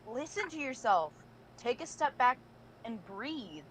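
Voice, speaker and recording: A woman voicing a firm, caring young female vigilante in a live fan audio drama read, teasing at times and softly concerned. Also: fairly high pitch, very animated, unhurried, a little hiss or hum, rough recording. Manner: teasing then soft and concerned.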